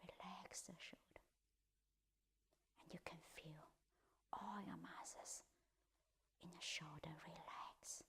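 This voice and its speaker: A woman leading a guided meditation in a soft, gentle voice that often drops to a half-whisper, with simple, repetitive instructions. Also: on the low side, fairly even intonation, takes it slowly, long pauses. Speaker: meditation teacher.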